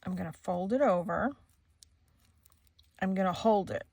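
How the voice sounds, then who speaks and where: Woman, middle-aged, crafting host, slow relaxed delivery, chatty, laughs a lot, home craft table. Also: mid-range voice, gravelly, dry recording. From Maine, USA. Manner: chatty storyteller, laughs often. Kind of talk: casual chat while demonstrating crafts.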